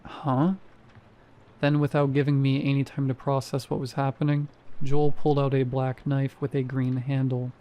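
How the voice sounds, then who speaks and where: A man's voice: mid-range voice, completely flat delivery, normal speed, hardly any pauses, dull audio. A man narrating a first-person horror story, with wry, sardonic asides.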